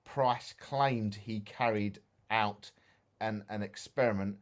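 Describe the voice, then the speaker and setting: A sleepy Essex man co-hosting a casual ghost-hunting chat. His voice sits a little low, and he trips over words as he reads his notes aloud. He sounds tired between yawns. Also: steady tone, slow pace. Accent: Essex English. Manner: chatty, tired and yawning, stumbles when reading aloud. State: sleepy, yawning. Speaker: podcast co-host.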